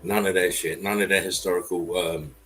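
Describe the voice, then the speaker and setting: A man's voice: deep voice, steady tone, brisk, fairly bright tone, rough recording. A man hosting a casual livestream, talking bluntly, swearing and chuckling often. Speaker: channel host.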